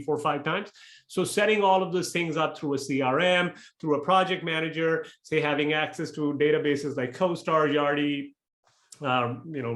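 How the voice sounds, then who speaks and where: A man giving frank, blunt interview answers as a real estate investor, talking in quick bursts. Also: a little high, a bit bright. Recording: echoey room.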